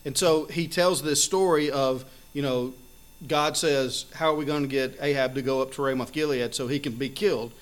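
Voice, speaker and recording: A man's voice: mid-range voice, steady tone, normal speed. A man preaching a sermon in an earnest, conversational way, reading scripture aloud and explaining it with frequent fillers.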